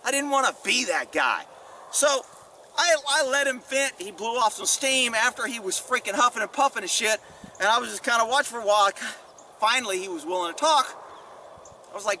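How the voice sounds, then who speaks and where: A man's voice: extremely high pitch, animated, a little fast, pushed and bright. Profane, rambling middle-aged man storyteller. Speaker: former police officer telling stories. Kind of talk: casual storytelling vlog. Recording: distant mic with faint background noise.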